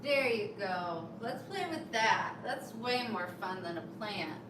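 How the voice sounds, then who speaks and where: Woman at home, soft cooing pet talk, slow and gentle, noisy home recording. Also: medium pitch, lively intonation, roomy sound, far from the mic. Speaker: pet owner. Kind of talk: baby talk to pets. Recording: background noise.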